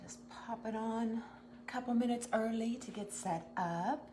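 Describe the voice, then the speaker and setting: A woman's voice: on the low side, unhurried, background noise. A woman hosting a casual craft livestream, greeting viewers and chatting with many ums and restarts. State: nervous.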